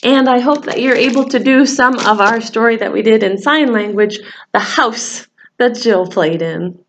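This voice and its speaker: A woman librarian leading a children's story time, reading aloud with lively expression and singing a simple goodbye song. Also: a little high, moderate pace, a little hiss or hum. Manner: animated storytelling, sings a call-and-response song.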